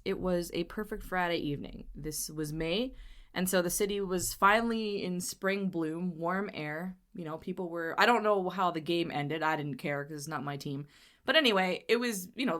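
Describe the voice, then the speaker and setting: A woman podcast host telling a funny personal story in a chatty, animated way, laughing often as she goes. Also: lowish voice. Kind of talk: storytelling monologue.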